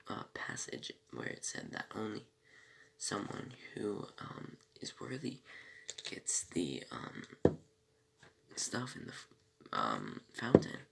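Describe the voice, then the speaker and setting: A man's voice: on the low side, wildly swooping pitch, slow, creaky, long pauses, in a whisper. A man casually recapping a TV episode, rambling with many fillers and self-corrections and breaking off for small asides. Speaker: TV episode reviewer.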